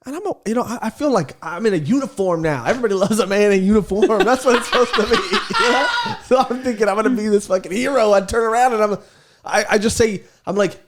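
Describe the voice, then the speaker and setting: A man's voice: high voice, animated, quick pace. A young man telling a comedic story on a podcast, rambling, swearing and laughing often, saying "dude" a lot. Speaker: podcast co-host. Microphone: studio podcast mic.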